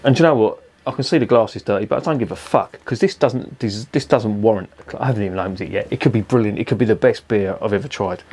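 Casting: bloke, lowish voice, rambling sweary beer-review rant. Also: male voice, quick pace, few pauses, darkish tone, husky. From England. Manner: swears constantly, rambling and exasperated. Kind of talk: casual profane rant.

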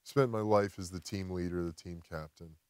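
A man, a podcast guest, telling a personal story outdoors in casual chat, animated and swearing freely. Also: deep voice, normal speed, smooth, no room sound. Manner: animated, swears a lot, acts out quotes. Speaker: podcast guest, former football player.

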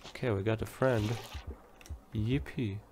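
Slow-talking young man narrating his gameplay. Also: lowish voice, fairly even intonation, noisy background. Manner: musing aloud, chatty, hesitant with restarts. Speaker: let's play gamer. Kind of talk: casual game commentary. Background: game music.

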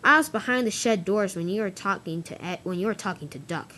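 A woman's voice: medium pitch, animated, fairly quick, sharp tone. A woman voicing an earnest, wronged little male engine in a toy train story.

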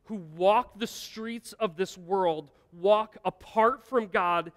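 In a high-pitched, slow voice, an American pastor delivers an emphatic, earnest sermon full of rhetorical questions for the congregation. The church sanctuary adds long hall reverb.

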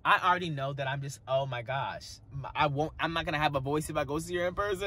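A man giving a casual music review, excitable and dramatic, gushing with slang as a devoted fan. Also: fairly high pitch, quick pace, few pauses. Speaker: music reaction vlogger.

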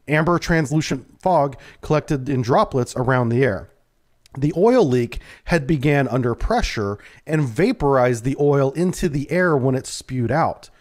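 A man, a navy submarine veteran, telling a first-person true story in a calm, measured way. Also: mid-range voice.

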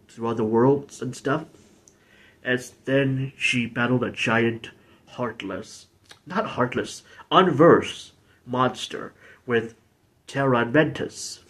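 A man's voice: medium pitch, fairly bright tone. A man hosting a video game playthrough in a rambling, giggly, self-deprecating way. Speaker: let's play host. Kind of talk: casual gameplay commentary.

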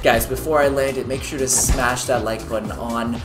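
A man giving excited gameplay commentary, yelping, shouting and making little sound effects as he plays. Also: medium pitch, normal speed. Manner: hyper, yelps and shouts, makes "bop" sound effects. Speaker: gaming video creator. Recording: game music playing underneath. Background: game music.

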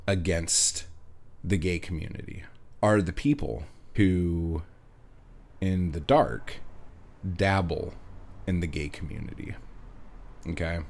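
A man hosting a podcast, delivering a heated, sarcastic rant packed with profanity. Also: fairly low pitch. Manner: swears constantly, heated and sarcastic. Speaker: podcast host. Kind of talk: profane ranting monologue.

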